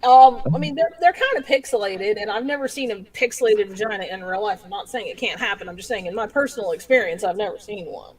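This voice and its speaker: A woman's voice: medium pitch, expressive, fast, few pauses, recorded from a distance, rough recording. A woman bantering on a casual podcast, blunt and profane, joking as she talks.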